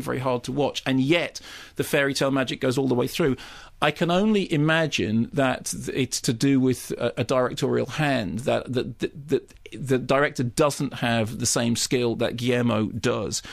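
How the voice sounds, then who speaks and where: Gravelly film critic. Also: male voice, mid-range voice. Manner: animated, many restarts and repeats. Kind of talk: radio film review.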